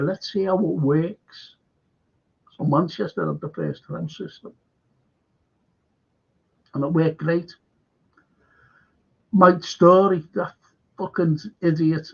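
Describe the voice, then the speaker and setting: A man with a Liverpool accent rants to his live stream, cursing constantly as he rambles from one grievance to the next. His voice sits a little high and sounds gravelly and husky. The audio is dull and lo-fi. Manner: swears heavily, rambling and heated. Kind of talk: casual rant to a live stream.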